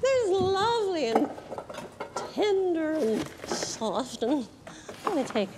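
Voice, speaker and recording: A woman's voice: high-pitched, big pitch swings, slow pace, background noise, full character voice. An actress playing an exuberant 1960s television cook in her fifties, theatrical and warbling, sprinkling in French phrases. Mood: chipper. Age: 50s. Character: cheerful tall female TV cook, 50s, exuberant. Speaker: cooking show guest. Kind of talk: 1960s television drama acting.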